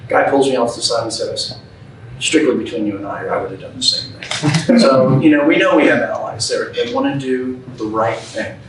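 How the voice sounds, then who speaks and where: A man's voice: medium pitch, moderate pace, background noise. Man telling a story in an echoey room. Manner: folksy, plainspoken storyteller who acts out quoted dialogue. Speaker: guest speaker. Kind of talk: storytelling talk to a club audience. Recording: echoey room, speaker far from mic.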